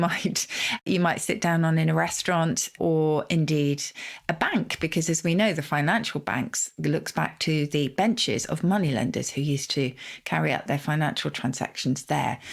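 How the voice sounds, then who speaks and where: A middle-aged woman explains word origins on a podcast with evident delight. Her voice sits low, and she tumbles through colorful synonyms and quick asides. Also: vocal fry. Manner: relishes words, explains with gusto and quick asides. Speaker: co-host, word expert.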